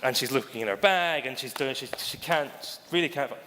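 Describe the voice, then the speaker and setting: A man's voice: mid-range voice, brisk. A man giving a conference keynote as a bank digital chief, theatrical and storytelling, calling out to the audience and acting out quoted voices. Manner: theatrical, addresses audience as ladies and gentlemen; acts out anecdotes with quoted voices. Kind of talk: keynote presentation. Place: conference stage. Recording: reverberant conference hall.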